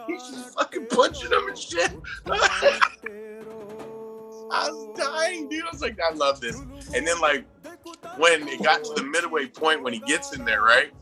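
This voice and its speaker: A man's voice: a little high, measured pace, long pauses, music in the background. A man in casual podcast chat about a movie, swearing a lot and laughing often as he tells scenes. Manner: profane, excitable, laughs often while telling. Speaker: movie review podcast co-host.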